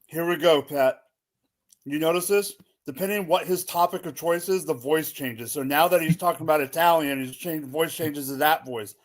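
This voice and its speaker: A man's voice: a little high, normal speed. A man co-hosting a casual sports chat, teasing the host.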